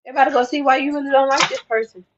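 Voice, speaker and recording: A woman's voice: sits high, fairly even intonation, racing, lo-fi sound, background noise. A woman ranting casually to the camera, repeating herself for emphasis and speaking straight to the viewer.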